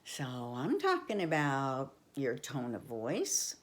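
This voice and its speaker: An older woman reading a storybook aloud to children, affectionate and expressive. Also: a bass voice, slow.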